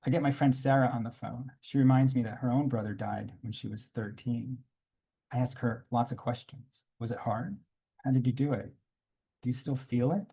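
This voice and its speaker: Male comics artist reading his memoir to a panel audience, warm, a little breathy, unhurried asides. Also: medium pitch. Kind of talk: reading aloud from his own graphic memoir. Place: conference panel room.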